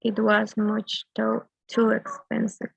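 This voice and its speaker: Very slow, husky female student, lo-fi sound. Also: a little high, completely flat delivery, no room sound. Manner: halting, very slow reading. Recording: dry, dull lo-fi sound.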